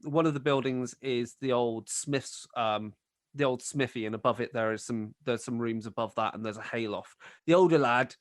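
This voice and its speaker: A man's voice: mid-range voice, no echo, clean studio sound. A man narrating a tabletop game as game master, describing scenes in a rambling way with plenty of fillers.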